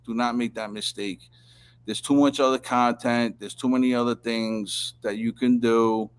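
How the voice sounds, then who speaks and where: A man's voice: medium pitch, steady tone, moderate pace, clean tone. Profane rambling New man. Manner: rambling and profane, many restarts. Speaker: guest storyteller. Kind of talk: casual chat.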